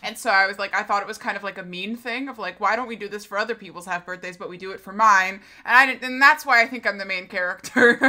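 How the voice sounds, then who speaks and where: A woman in her early twenties joins a livestream as a guest, joking in a playful, over-the-top way. Her voice is bright and of middling pitch. Her throat sounds sore and scratchy. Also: fast talker, few pauses. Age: 20s. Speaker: stream guest. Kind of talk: casual livestream chat.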